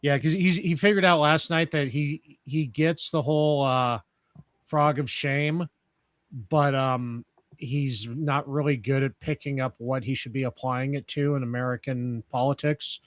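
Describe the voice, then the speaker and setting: A man's voice: medium pitch, fairly even intonation, a little slow, no room sound. A man hosting a casual chat, rambling and joking with the odd curse word.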